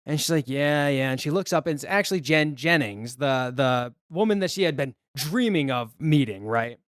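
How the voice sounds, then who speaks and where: A male podcast co-host casually recaps a movie, retelling its scenes and acting out the characters' lines. His voice is on the high side, animated and fairly bright, at normal speed, with clean studio sound and no room sound.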